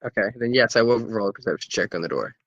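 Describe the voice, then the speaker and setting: A man's voice: fairly low pitch, animated, fast talker, a bit bright, dry recording. A man playing a tabletop game casually, joking and laughing often. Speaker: player. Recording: dull lo-fi audio.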